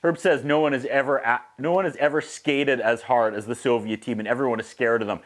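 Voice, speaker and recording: A man from Canada, casually recapping a movie as a reviewer, lively and mimicking sound effects. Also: medium pitch, fairly quick. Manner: animated, mimics whistles and acts out quotes.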